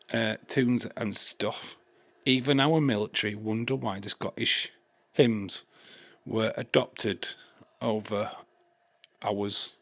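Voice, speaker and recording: A man in his fifties chats loosely on a live stream, cracking crude jokes and laughing as he rambles. His voice sits at a middling pitch. It sounds dry and a little dull through his stream mic. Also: no room sound. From England. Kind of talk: casual live watch-along chat.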